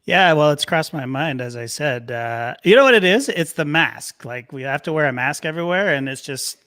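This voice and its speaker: A man's voice: on the high side, lively intonation, moderate pace, pushed and bright, no room sound. A man co-hosting a podcast in casual chat, talking about himself in a wry, self-deprecating way. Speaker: podcast co-host. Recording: dry close sound.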